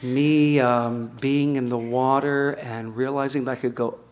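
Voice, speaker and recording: A man telling a personal story in a rambling, animated way, full of fillers and restarts, at a community access show. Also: medium pitch, measured pace.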